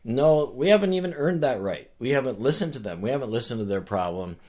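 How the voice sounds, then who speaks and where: A man talking as a guest in a casual conversation, telling a story with animated energy and earnest restarts. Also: mid-range voice, fast. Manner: animated storyteller who acts out voices. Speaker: author and guest.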